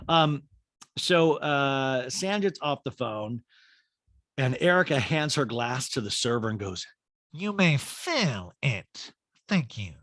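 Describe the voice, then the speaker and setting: Animated, bright-voiced comedic male host. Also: medium pitch, dry recording, clean studio sound. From Kansas. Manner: animated, rambling, laughs often. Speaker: podcast host. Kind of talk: comedic TV recap.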